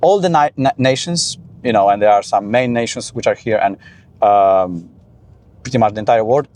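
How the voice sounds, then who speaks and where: Man talking in a car, quick and animated. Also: fairly low pitch. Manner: animated, frequent restarts and "you know". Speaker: podcast guest. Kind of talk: casual conversation.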